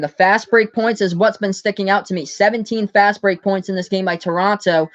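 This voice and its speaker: On his stream, a man with a high voice from the US Northeast does live play-by-play commentary, briskly announcing the score and addressing his chat. The muffled recording has no echo.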